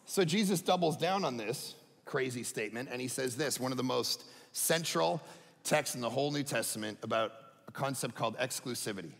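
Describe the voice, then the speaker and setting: A middle-aged man, a pastor preaching a sermon, animated and emphatic, dropping to quiet asides. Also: fairly quick, gravelly. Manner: animated, swings from loud emphatic highs to low quiet asides. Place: large church hall. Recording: long hall reverb.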